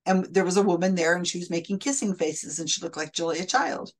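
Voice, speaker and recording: A woman with a lowish voice talks through a recording point by point. She is analytical and a little picky, restating what was said before pulling it apart. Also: fairly quick. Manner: picky, explanatory, often restates quotes. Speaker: skeptic commentator.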